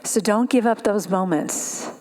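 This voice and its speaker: A woman speaking at a spiritual service, telling stories with acted-out voices and leading a slow sung chant. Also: mid-range voice, a little mellow. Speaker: guest speaker and singer at a spiritual center. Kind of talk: storytelling talk ending in a sung chant.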